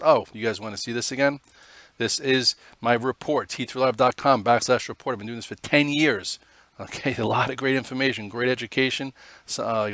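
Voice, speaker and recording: A man's voice: mid-range voice, fairly bright tone, no echo. A middle-aged man giving a casual daily market recap, chatty and rambling in a conversational way. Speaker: market commentator and trader.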